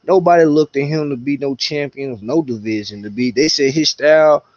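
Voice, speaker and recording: A man's voice: mid-range voice, a little fast, a little mellow, no echo. Man, blunt and profane, casual boxing chat, dry close sound. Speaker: podcast co-host. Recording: dull dry lo-fi audio.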